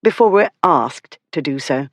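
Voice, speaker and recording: A narrator voicing a proper society lady chaperone, brisk and wry. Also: medium pitch, lively intonation, no room sound, lightly acted.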